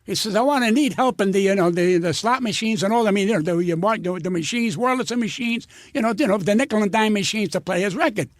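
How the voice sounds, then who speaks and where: A man's voice: sits high, quick pace, few pauses, no room sound, clean studio sound. An older man, a comedian guest, telling long profane anecdotes and acting out every quoted voice. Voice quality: gravelly, husky. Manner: profane, animated storyteller who acts out every quote. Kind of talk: storytelling anecdotes.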